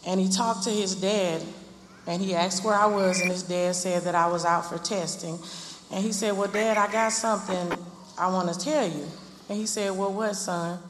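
A woman, a mother, softly and earnestly recounting memories of her son. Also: mid-range voice, fairly even intonation, moderate pace. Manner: soft, earnest storytelling. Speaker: grieving mother. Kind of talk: personal testimony. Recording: echoey hall with loud noise.

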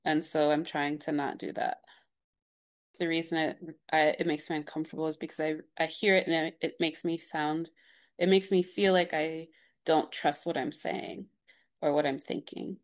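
Thoughtfully answering interview questions, a young woman from Cincinnati, Ohio, who works as a radio producer, speaks in a low-sitting voice. Her speech is dotted with "like" and "um," and her endings rise as if asking questions.

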